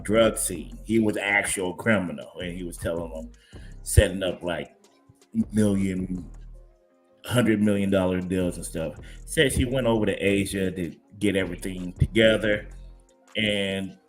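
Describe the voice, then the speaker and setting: A man hosting a casual podcast chat, telling a story with laughs and restarts, with faint music behind. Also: low-pitched. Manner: animated storyteller, laughs often, many restarts. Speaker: podcast host.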